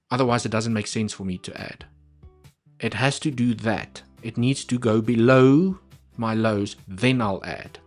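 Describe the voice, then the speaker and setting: On a live stream, a man with a medium-pitched voice casually walks through trading charts, chatting away and repeating points for emphasis.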